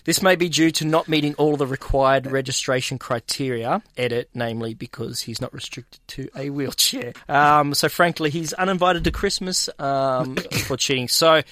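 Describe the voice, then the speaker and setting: A man's voice: mid-range voice, fairly even intonation, moderate pace, hardly any pauses, fairly bright tone, no room sound. A man co-hosting a sports radio show, telling stories casually and laughing often. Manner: chatty, laughs through his stories.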